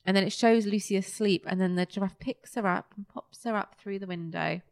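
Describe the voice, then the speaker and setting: A woman's voice: mid-range voice, quick pace, creaky, a little mellow, no room sound, studio quality. A young woman co-hosting a casual podcast, chatting and retelling scenes with little quoted voices. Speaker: podcast co-host. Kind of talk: casual chat reviewing a kids' show.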